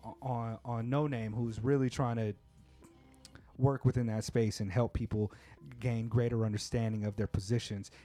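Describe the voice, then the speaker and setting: A man's voice: medium pitch, steady tone, normal speed, warm tone, faint music behind. A man hosting a podcast, talking at length in a laid-back, talkative way and swearing a lot. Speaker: podcast host. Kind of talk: casual chat.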